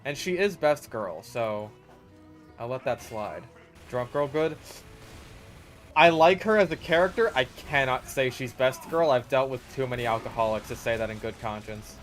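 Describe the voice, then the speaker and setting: A man casually commentating his own gameplay, swearing freely and breaking into loud exasperated yelling. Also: medium pitch, lively intonation, normal speed, faint music behind. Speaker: gaming video creator.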